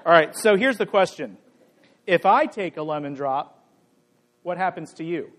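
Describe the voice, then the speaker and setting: A middle-aged pastor with a fairly high, light voice for a man. He preaches in a relaxed, playful way and jokes with the people in the pews. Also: moderate pace. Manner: conversational, playful, jokes with the congregation. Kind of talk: sermon with a live demonstration.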